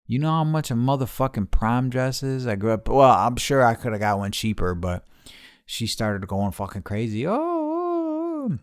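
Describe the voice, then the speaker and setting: Recording a casual solo podcast from his garage, a man rambles, swears freely, and pokes fun at himself as host. His mid-range voice is clear and resonant at a moderate pace. The sound is clean studio quality with no room sound.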